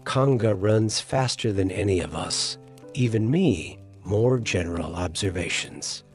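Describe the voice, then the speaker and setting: A man's voice: fairly low pitch, lively intonation, unhurried, darkish tone, faint music behind. A man voicing a proud, bossy male rabbit who lays out plans solemnly. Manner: solemn, self-important.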